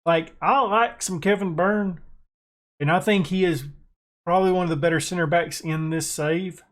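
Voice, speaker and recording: American guy, gaming commentary, excitable, self-mocking, a bit high-voiced. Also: moderate pace. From United States. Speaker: gaming YouTuber. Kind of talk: casual gameplay commentary.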